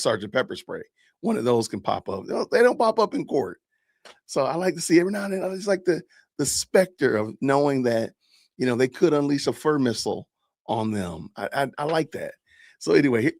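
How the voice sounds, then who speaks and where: A man in his fifties hosting a podcast, joking in a casual, animated way and talking to his live chat as he comments on videos. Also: medium pitch, dry recording, studio quality. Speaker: podcast host.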